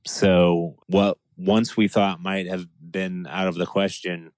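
A man with a fairly low voice co-hosts a relaxed podcast conversation. He talks in an animated way and slips into little acted-out quotes. The sound is dry and close. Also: slow, no room sound. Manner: animated, acts out quoted lines. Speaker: podcast co-host. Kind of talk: casual chat.

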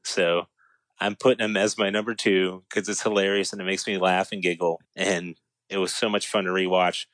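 A man co-hosting a casual chat, telling a story with lots of energy, his voice climbing high and breaking into laughter as he gets excited. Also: dry recording. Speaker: podcast co-host.

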